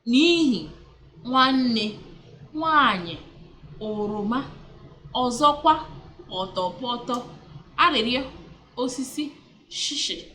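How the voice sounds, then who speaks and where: A woman's slightly high, sharp-toned voice teaches words in an easygoing vlog. She's a language teacher who repeats each term slowly, chats, and fixes her slips as she goes.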